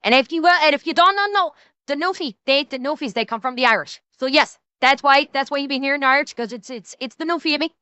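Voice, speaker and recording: A woman's voice: high-pitched, quick pace, pushed and bright, no echo, muffled recording. A woman voicing a brash, scolding Newfoundland woman with a thick accent and a mocking, sing-song delivery, as part of a streamer reaction rant. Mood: sing-song boast. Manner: mocking, sing-song, heavy dialect slang.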